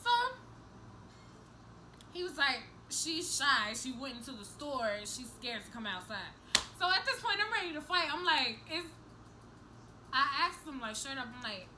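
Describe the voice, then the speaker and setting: Young woman, high-pitched, very bright, casual vlog storytelling, acts out quotes. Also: normal speed, pauses often, a little hiss or hum, poor audio. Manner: animated, profane, acts out each person's lines, laughs through the story. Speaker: vlogger.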